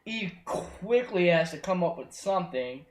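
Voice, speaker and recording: A man's voice: high voice, animated, a little slow. A young man hosting a casual podcast, leading the rundown in a laid-back way. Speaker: podcast host. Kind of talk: casual chat recapping wrestling. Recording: echoey room.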